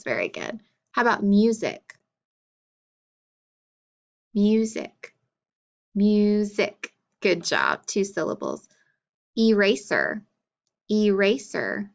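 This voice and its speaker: Slow, encouraging woman teacher, lo-fi. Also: mid-range voice, gravelly, a bit bright. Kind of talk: early-grade phonics lesson.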